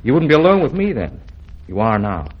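Cocky young suitor played by a man, husky, lively pitch, radio play. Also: a little fast, lo-fi sound. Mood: wry. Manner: breezy, wisecracking. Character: brash young male suitor, cocky and teasing.

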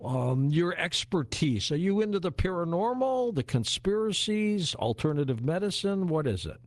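A man's voice: high-pitched, moderate pace, no echo. Chatty male radio host, dry studio. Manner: relaxed, chatty, many filler uhs. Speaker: radio talk show host. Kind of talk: late-night radio talk. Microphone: studio microphone.

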